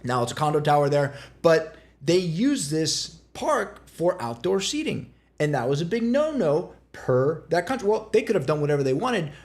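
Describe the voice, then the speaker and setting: A man talks through a casual podcast, blunt and animated and quick to swear. His voice sits high, and his pitch leaps and drops constantly as he tells stories. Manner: animated storyteller, blunt and profane. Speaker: real estate agent co-host.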